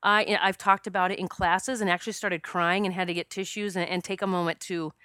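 Woman, past life regression specialist, earnest storytelling, slightly low voice, smooth and clear, dry close sound. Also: fairly even intonation, brisk, pushed and bright, no room sound. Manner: earnest, emotional, many fillers and restarts. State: choked up at times. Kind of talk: personal storytelling monologue.

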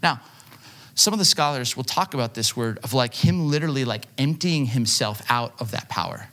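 A man's voice: medium pitch, fairly quick, sharp tone. A man, preaching a sermon in a loose, conversational way and telling stories on himself with plenty of fillers. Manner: conversational, self-deprecating storytelling with frequent fillers. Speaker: pastor.

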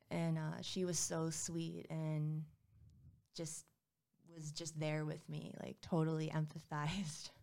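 Low, gravelly-voiced woman telling her story. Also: mellow. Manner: candid, with frequent fillers and quoted dialogue. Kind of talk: personal story told in conversation.

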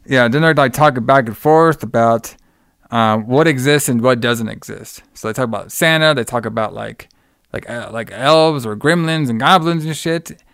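A man in a loose, rambling podcast chat, swearing freely and laughing as he goes. His voice is smooth and resonant at a middling pitch. The sound is dry, with little room to it. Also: normal speed, a bit bright, dry recording. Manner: profane, laughs often, rambling storyteller. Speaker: podcast co-host recapping a movie. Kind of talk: casual chat.

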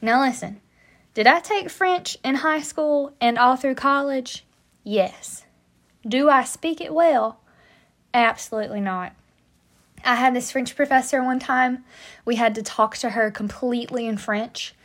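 A woman's voice: high-pitched, unhurried, fairly bright tone. An American woman hosting a casual history podcast, chatty and joking, with playful asides. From United States. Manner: chatty, joking asides, southern-tinged "y'all". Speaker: podcast host.

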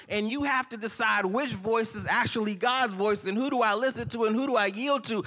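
A pastor delivers a sermon in a high-pitched, sharp voice, speaking briskly with almost no pauses. His style is preachy call-and-response, and he repeatedly invites the congregation to finish his sentences.

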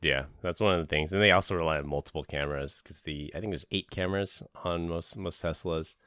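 A man's voice: deep voice, fast talker, fairly bright tone, clean tone, no echo, studio quality. A man from Northern California co-hosting a podcast, explaining things in a plain, matter-of-fact way. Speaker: podcast co-host. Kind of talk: casual chat.

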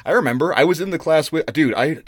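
A man co-hosting a podcast, chatting casually and telling stories in an animated, swearing way. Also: fairly high pitch, fast, husky, dry recording, studio quality. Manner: animated, profane storytelling with restarts. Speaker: podcast co-host. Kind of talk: casual chat.

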